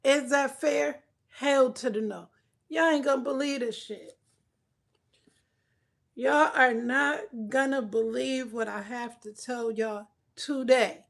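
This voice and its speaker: This high-pitched woman speaks slowly with a creaky edge while livestreaming from home. She's loud and playful with her viewers, cursing freely and talking back to the chat.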